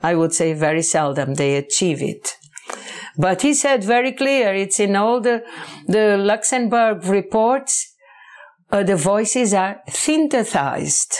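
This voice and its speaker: Slow, halting woman. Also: mid-range voice, lively intonation, a little mellow. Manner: halting, searching for words, many restarts. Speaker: interview guest, author. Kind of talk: interview.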